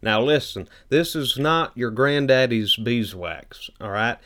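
A man putting on a slow, drawling salesman voice. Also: medium pitch, lively intonation, pushed and bright. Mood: salesy.

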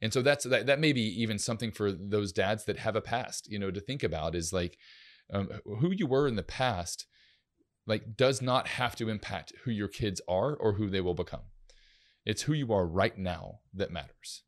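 A middle-aged man hosting a casual faith-based parenting podcast, talking in a relaxed, rambling way with many fillers. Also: lowish voice, normal speed. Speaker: podcast host, youth minister.

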